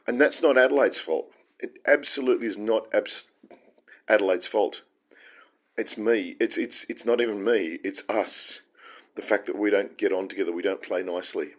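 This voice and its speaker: Low-voiced Australian man musing aloud. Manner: earnest, heartfelt and rambling. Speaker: podcast host. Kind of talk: solo reflective monologue.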